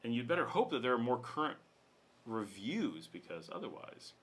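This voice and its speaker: A man's voice: mid-range voice, sing-song, normal speed, fairly bright tone, a little hiss or hum. A middle-aged man hosting a casual live question-and-answer stream from his home, talking loosely and reading out viewer comments. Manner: chatty, reads viewer comments aloud, coos baby-talk to his dog. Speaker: livestream host. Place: home room with studio lights.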